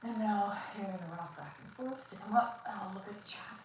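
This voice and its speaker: A woman's voice: mid-range voice, normal speed, a little hiss or hum. A middle-aged woman chatting casually on a live stream while she exercises, out of breath, thanking viewers for their comments. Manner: chatty, reads and thanks chat comments mid-workout. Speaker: livestream host. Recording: roomy echo with faint ambience.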